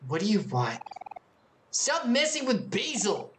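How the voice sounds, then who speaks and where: Scornful mean teen girl from a game, done by a woman streamer, low and slow. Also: wildly swooping pitch, background noise. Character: mean, cold teenage girl.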